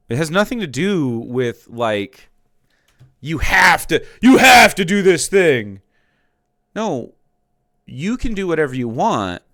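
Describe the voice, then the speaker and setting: A man's voice: medium pitch, no echo, studio quality. A man streaming and ranting about politics in a heated, profane, mocking way.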